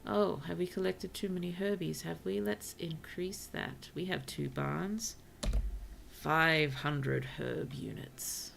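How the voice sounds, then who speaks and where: A woman streamer chatting casually through a cozy game, talking to her villagers and often dropping to soft whispers. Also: fairly low pitch, a little slow, vocal fry, hardly any pauses, a little hiss or hum. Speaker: VTuber streamer. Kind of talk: casual gameplay commentary.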